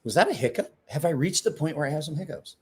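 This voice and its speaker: A man's voice: on the high side, animated, quick pace, slightly rough. Rambling, casual man livestreaming. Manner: rambling, self-interrupting, swears casually. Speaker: livestream host.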